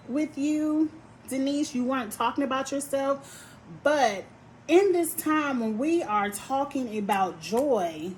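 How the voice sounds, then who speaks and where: A woman's voice: fairly high pitch, slight background noise, rough recording. Sassy woman recapping reality TV. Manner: sassy, animated, talks straight to the people on the show. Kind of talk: casual opinionated recap.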